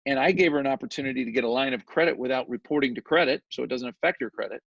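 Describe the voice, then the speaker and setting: A man guesting on an interview, telling a story in an animated, chatty way and often checking in with "right?" His voice is gravelly and mid-pitched. The recording is dry and dull, with a lo-fi sound. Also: rapid-fire, no room sound. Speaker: guest, real estate developer.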